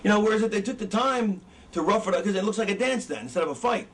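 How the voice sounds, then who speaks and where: Fast, animated and a bit bright, his voice sits high. He's a middle-aged wrestling trainer who teaches in a relaxed, swearing, rambling manner and often loses his train of thought. Faint background noise is picked up by a distant microphone.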